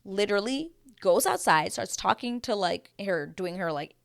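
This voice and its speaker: Animated gossipy woman recapping reality TV. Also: mid-range voice, moderate pace, vocal fry, no room sound, studio quality. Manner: animated and gossipy, mimics the cast in voices; blunt, swears casually. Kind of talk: casual episode recap.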